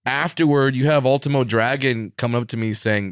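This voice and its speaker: A man's voice: mid-range voice, fairly quick, smooth, dry recording. A man, a comedian guest in a podcast studio, telling stories in casual chat with lots of laughs and restarts. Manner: lively, laughing, restarts mid-sentence. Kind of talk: casual chat, animated storytelling.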